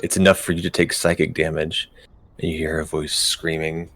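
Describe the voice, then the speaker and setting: A man's voice: rumbling low, level tone, normal speed, fairly bright tone, no echo. A man running a tabletop game as game master, casual and hesitant, with many ums and easy laughs.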